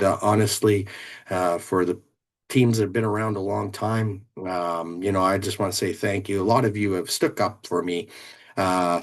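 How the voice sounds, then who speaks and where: Low-voiced man thanking his league. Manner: hesitant, many fillers. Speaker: fantasy football league commissioner. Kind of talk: heartfelt thank-you message.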